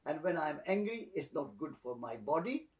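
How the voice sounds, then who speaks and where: Man, gentle teacher, lively rising and falling pitch, slightly high voice, heard from a distance. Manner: slow, soft-spoken, repeating phrases like a litany. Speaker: spiritual teacher. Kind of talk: calm reflective teaching.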